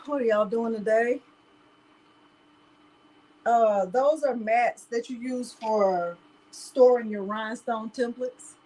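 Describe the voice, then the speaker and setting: Speaking slowly with frequent pauses, a woman with a fairly high, darkish voice leads a live crafting tutorial on a low-quality recording. She's chatty and laughs often, talking straight to viewers and calling them "y'all".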